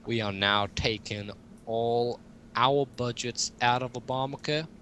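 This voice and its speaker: A man's voice: medium pitch, sharp tone, slight background noise. A man putting on a pompous politician. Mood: grandiose. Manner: grandiose, drawn-out proclamations. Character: pompous slow-talking male American politician.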